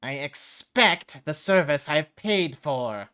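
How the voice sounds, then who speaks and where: A man's voice: a little high, lively intonation, slow, sharp tone, clear, resonant tone, heavily acted. A man voicing a haughty, entitled middle-aged businessman who sputters when annoyed. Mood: indignant.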